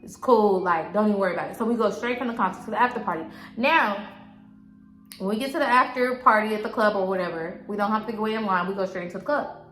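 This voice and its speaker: A woman vlogger telling a story casually, animated and swearing freely. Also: medium pitch, fast. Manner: animated, swears freely, acts out others' lines. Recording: echoey room with faint music.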